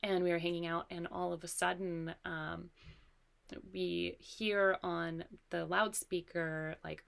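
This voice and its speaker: Woman co-host, lowish voice with vocal fry, thoughtful and earnest. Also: flat delivery, moderate pace. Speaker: podcast co-host. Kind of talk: casual conversation.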